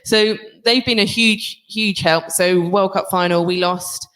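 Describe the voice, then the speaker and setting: A woman's voice: medium pitch, steady tone, unhurried, fairly bright tone. A woman rugby player and coach answering panel questions in a chatty way, with many fillers and restarts.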